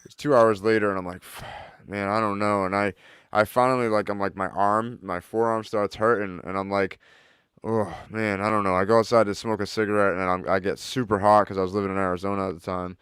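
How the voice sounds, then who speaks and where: A man's voice: lowish voice, steady tone, fast talker, a bit bright, smooth, dry recording, studio quality. A man in a casual chat, telling stories animatedly with lots of "like" and swearing.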